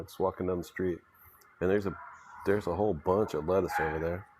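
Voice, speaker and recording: A man's voice: deep voice, darkish tone, slight background noise. A man live-streaming as he walks, chatting casually with viewers and talking to the animals he meets, laughing often. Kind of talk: casual live-stream chat while walking. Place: small shop and street outdoors.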